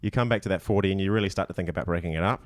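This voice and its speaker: A podcast co-host with a low voice talks very fast, teasing and emphatic, often restarting his sentences as he chats casually and breaks down leaderboard results. There's no room sound at all.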